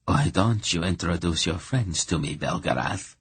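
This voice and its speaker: A man voicing a reclusive, bitter witch who speaks in a measured, strangely neutral way. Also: low voice, lively intonation, a bit bright, husky, dry recording, exaggerated voice. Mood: calm, wry. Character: reclusive middle-aged witch woman, calm and bitter.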